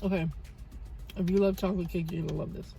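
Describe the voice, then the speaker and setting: Woman vlogger in her 30s, kinda gravelly voice, chatty storytelling, faint music under it. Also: fairly low pitch, quick pace. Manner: animated storytelling, praises God. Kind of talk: casual chat.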